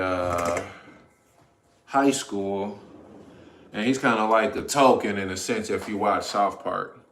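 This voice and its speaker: Slow, laid-back man chatting on a livestream. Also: sits low, reverberant. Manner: laid-back, chatty, talks to viewers in chat. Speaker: livestream host. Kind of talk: casual livestream chat. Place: home kitchen.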